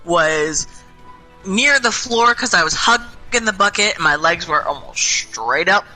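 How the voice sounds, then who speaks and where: A woman's voice: on the low side, lively intonation, unhurried, pushed and bright, soft background music, poor audio. A young woman telling a rambling, self-mocking story in casual chat over voice chat while gaming. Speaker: gaming group member.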